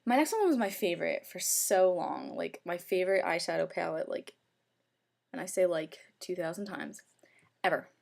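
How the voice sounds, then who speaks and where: A woman's voice: fairly low pitch, animated, moderate pace, vocal fry, a little mellow. A young woman talking through her makeup in a casual review, gushing and chatty, with lots of "like" in her speech. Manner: gushing, chatty, heavy use of "like". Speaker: beauty vlogger.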